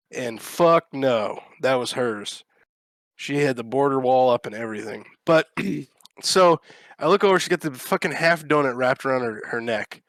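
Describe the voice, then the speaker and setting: A man co-hosting a podcast, telling a long anecdote in a casual, profane and animated way, acting out the lines people said. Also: medium pitch, normal speed, no echo. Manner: animated, profane, acts out quotes. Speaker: podcast co-host. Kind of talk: casual storytelling chat.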